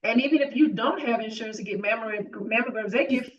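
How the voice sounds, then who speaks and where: A woman's voice: a little high, fast talker, recorded from a distance. A woman podcast host interviewing a guest, with short encouraging replies. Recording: dull sound, a bit off-mic.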